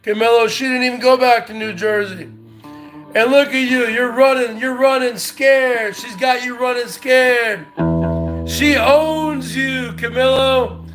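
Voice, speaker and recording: A man doing a high brash taunting loudmouth. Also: fairly even intonation, slow pace, music in the background. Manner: taunting, repetitive, shouty bursts. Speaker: parody comedian. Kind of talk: comedic impression rant.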